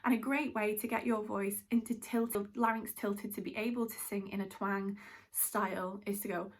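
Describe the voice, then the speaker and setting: A woman's voice: medium pitch, steady tone, moderate pace. A woman from Britain, teaching a musical theatre masterclass in a chatty, explanatory way. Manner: chatty, explanatory, self-aware. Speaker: drama teacher.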